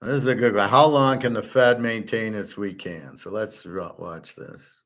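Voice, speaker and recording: A man's voice: lowish voice, moderate pace, fairly bright tone. Scornful, blunt man reacting to a clip. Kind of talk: reaction commentary.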